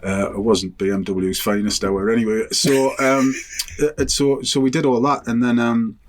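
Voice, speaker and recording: Middle aged guy spinning a rambly travel story, keeps laughing and restarting, normal pitch. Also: flat delivery, normal speed. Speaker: podcast guest, TV cook and biker. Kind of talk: casual anecdote telling.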